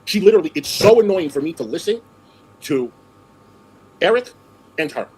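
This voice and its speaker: Sassy scolding livestream host. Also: male voice, a little high, very animated, moderate pace, a little mellow, husky, rough recording. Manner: sassy, scolding and callout-heavy, calls people girl and honey. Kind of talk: casual livestream chat.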